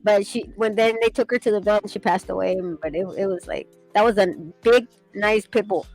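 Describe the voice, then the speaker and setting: A woman's voice: mid-range voice, fairly quick, faint music behind, low-quality recording. A woman in casual chat, telling rambling stories with frequent laughter and casual swearing. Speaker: streamer chatting while sketching.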